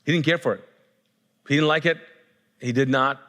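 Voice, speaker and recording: Male pastor, fairly high voice, loose and conversational sermon delivery with mounting fervor. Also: fairly even intonation, normal speed, pushed and bright. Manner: conversational, with frequent restarts and rising fervor.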